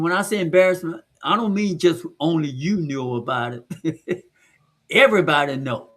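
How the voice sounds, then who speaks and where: A man's voice: fairly high pitch, fairly bright tone. A man hosting a casual chat, emphatic and repeating key words.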